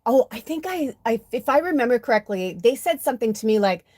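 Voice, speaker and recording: A woman's voice: on the high side, animated, fairly quick, darkish tone. An American woman in her fifties, a spiritual medium hosting a livestream, telling stories in a chatty, heartfelt, rambling way. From United States. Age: 50s. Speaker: spiritual medium, oracle card reader. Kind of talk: casual livestream storytelling.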